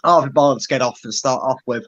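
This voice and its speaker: A man's voice: medium pitch, brisk, a bit bright, dull audio. A man giving a blunt, exasperated, sweary rant about his team's performance. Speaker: football fan pundit. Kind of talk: angry fan rant.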